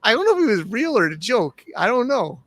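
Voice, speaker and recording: A man's voice: very high-pitched, big pitch swings, a little fast, fairly bright tone, no echo. A man in his forties from the United States, telling his life story as a podcast guest in a rambling, casual way, with many restarts. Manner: rambling, with restarts and acted-out quotes.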